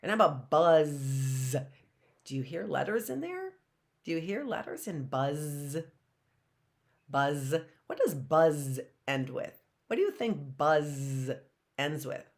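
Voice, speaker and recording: A woman's voice: sits low, sing-song, takes it slowly. A woman teacher with an American accent giving an online phonics lesson to children, coaxing them to call out answers in a sing-song way.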